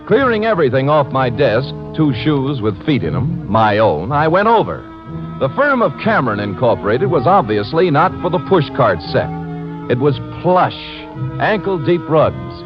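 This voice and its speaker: A hard-boiled private eye, tossing off dry, sardonic wisecracks with a lively, bouncing pitch. It comes through as a muffled old radio broadcast with music underneath. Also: male voice. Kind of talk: 1940s radio acting.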